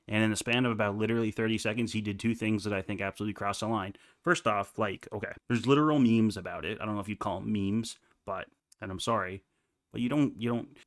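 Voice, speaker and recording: A man's voice: fairly low pitch, a bit bright, no room sound, studio quality. A man in his twenties reading online confessions aloud and breaking off into casual, rambling comments full of fillers. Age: 20s. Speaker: reddit reaction host.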